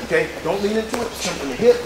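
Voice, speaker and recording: A man with a fairly high voice coaches a jab drill in short, encouraging bursts. The room echoes around him, and gym noise sits clearly underneath. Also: animated, very fast. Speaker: boxing coach. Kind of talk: mat-side technique instruction. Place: training gym.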